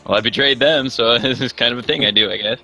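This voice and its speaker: A man playing his character in a tabletop game, delivering its lines in a steady way. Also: mid-range voice, quick pace, gravelly, faint music behind. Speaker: player.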